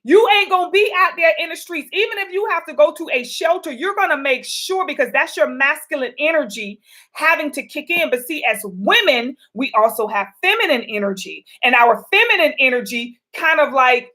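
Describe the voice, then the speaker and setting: A woman's voice: high voice, animated, normal speed, bright, forceful tone. A woman hosting a casual advice vlog, talking chattily to viewers with colloquial asides as she answers their questions. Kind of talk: casual relationship advice talk.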